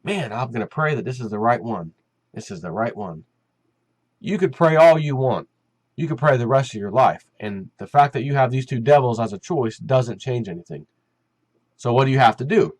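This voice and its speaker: A man hosting his own commentary channel, giving a heated, animated opinion rant full of fillers and restarts. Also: mid-range voice, brisk, no echo, rough recording.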